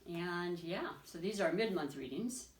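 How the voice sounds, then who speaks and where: A woman's voice: fairly low pitch, lively intonation, measured pace, roomy sound. A woman doing a casual, effusive tarot reading, rambling and restarting as she reads the cards aloud. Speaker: tarot reader.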